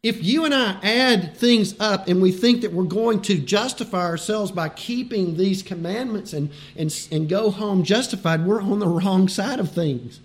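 A preacher with a high male voice. He talks to his congregation like friends, leans hard on his key words, and chuckles now and then between his points. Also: unhurried, few pauses. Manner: conversational, emphatic, laughs between points. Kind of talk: sermon.

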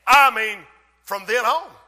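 A man preaching an impassioned sermon in a church, often rising to shouts. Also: extremely high pitch, animated, slow pace, long reverb tail.

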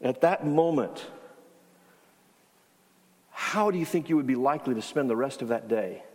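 A man's voice: mid-range voice, lively intonation, moderate pace, darkish tone. A man preaching a sermon as pastor, telling a story in a conversational way with frequent restarts. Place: church sanctuary. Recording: long hall reverb.

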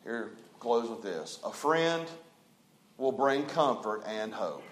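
A pastor preaching a sermon, building to loud emphatic phrases that he draws out slowly. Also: mid-range voice, big pitch swings, echoey room, a little hiss or hum. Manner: preaching with rising intensity, drawn-out emphatic phrases.

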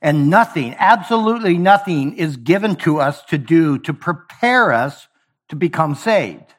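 A man's voice: fairly high pitch, lively intonation, measured pace. A man preaching a sermon, emphatic, repeating key phrases and acting out little dialogues.

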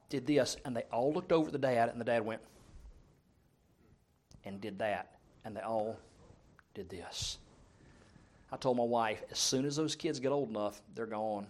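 A middle-aged man preaching a sermon, telling humorous stories and swinging between loud and soft. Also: mid-range voice.

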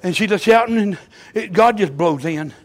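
A man preaching a fervent revival sermon in a church, moving between quiet storytelling and loud shouted exclamations. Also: high-pitched, lively intonation, moderate pace. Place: church sanctuary.

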